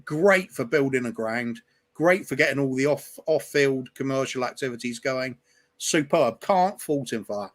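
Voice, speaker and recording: Bloke on a footy fan stream, steady and opinionated, mid pitch. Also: male voice. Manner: measured, opinionated. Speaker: co-host. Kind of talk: casual fan chat.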